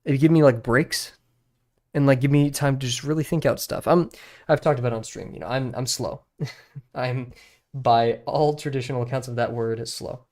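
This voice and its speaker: A man's voice: medium pitch, steady tone, moderate pace, darkish tone. A young man in his twenties, a streamer talking in a casual, rambling way, often laughing at himself. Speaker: drawing streamer.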